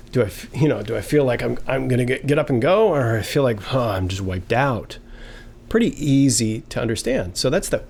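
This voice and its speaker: Man calmly explaining an emotions model. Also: medium pitch. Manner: relaxed, conversational, acts out example phrases. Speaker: teacher. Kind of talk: explanatory lesson.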